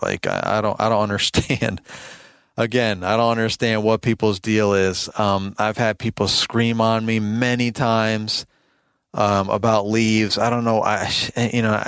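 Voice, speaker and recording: This man, a lawn care business owner hosting a podcast, spins a rambling, chatty story in a casual monologue, clearly exasperated by complaints. He speaks on the low side, a bit bright, with a clear, resonant tone. The recording has no room sound.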